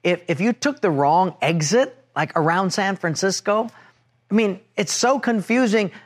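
Animated male preacher telling a story. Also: high-pitched, unhurried. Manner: animated storytelling, acting out quarrels in a raised voice. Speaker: pastor. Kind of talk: sermon with a personal story.

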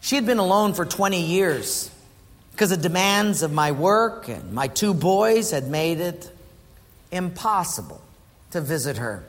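A man's voice: sits high, animated, a little slow. A man preaching a sermon, telling stories and asking the congregation questions. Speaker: pastor. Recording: echoey hall with faint noise.

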